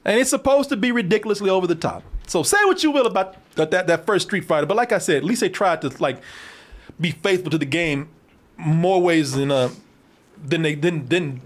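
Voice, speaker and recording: A man's voice: a little high, normal speed. A man hosting a casual movie review chat, swearing freely and laughing often. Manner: profane, animated, laughs often. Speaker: podcast host.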